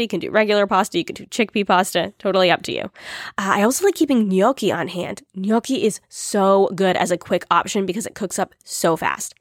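A woman's voice: medium pitch, no echo, studio quality. A woman hosting a casual solo podcast, chatty and upbeat with small laughs, in her morning voice. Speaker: podcast host.

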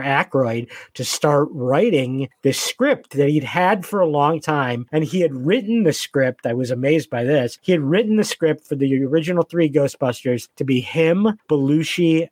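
A man's voice: on the high side, a little mellow, dry recording, studio quality. A man hosting a casual chat, telling stories in an eager, rambling way with lots of fillers. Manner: enthusiastic, rambling storyteller with many fillers.

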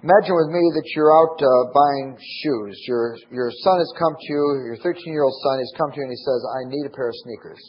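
A man's voice: fairly high pitch, fairly quick, hardly any pauses, husky, lo-fi sound. A middle-aged man giving a recorded sermon, telling stories animatedly and acting out the dialogue. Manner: animated storytelling, acts out dialogue. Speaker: conference speaker.

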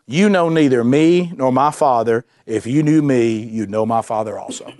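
A man preaching a sermon, animated and emphatic, repeating himself and dropping suddenly to a quiet voice. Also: medium pitch, normal speed. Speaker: pastor.

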